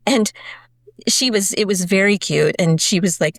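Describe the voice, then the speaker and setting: A woman in her forties, a podcast guest, telling stories in a chatty, animated way with many "like"s and "sort of"s. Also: mid-range voice, normal speed, dry recording, clean studio sound. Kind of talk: conversational storytelling.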